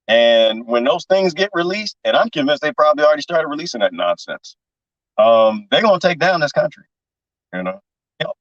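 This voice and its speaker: Reading viewer comments on his livestream, a Texas-based host rambles conspiratorially and laughs frequently. His voice is mid-range, and the recording is dry, muffled, and captured from a distance.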